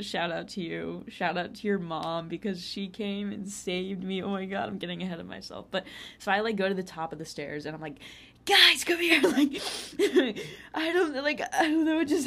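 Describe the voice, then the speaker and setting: Young woman, casual storytelling, chatty with fillers, slightly low pitch. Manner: chatty, lots of filler words and laughter. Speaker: podcast host.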